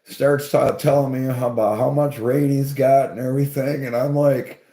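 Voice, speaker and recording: A man chatting casually and telling a long, rambling story, swearing at every turn and breaking into laughs. His voice sits at an ordinary middle pitch. The room around him has a roomy echo. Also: steady tone, moderate pace, warm tone. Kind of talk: casual chat.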